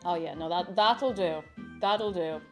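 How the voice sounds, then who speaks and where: A woman's voice: on the low side, unhurried. A young woman chatting casually on a live stream, reading chat aloud and talking with her mouth full. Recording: faint music behind.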